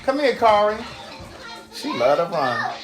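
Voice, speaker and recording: A man in his forties hosts a live stream from home with family around. His pitch swings widely as he chats and laughs between remarks. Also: unhurried, over music. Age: 40s. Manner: animated and chatty, often laughing. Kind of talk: casual live-stream chat.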